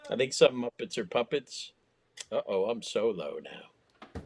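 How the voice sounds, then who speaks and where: A man's voice: fairly low pitch, sing-song, measured pace, creaky, husky. A male comedian in casual podcast chat, teasing the others dryly.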